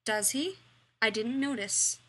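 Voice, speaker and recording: A woman reading the lines of a wisecracking teenage high school boy. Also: takes it slowly, husky. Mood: joking.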